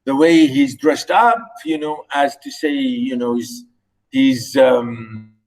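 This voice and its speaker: A middle-aged man whose first language is Arabic, lecturing a literature class online, talking haltingly with many fillers and repeated words. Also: mid-range voice, a little mellow, poor audio.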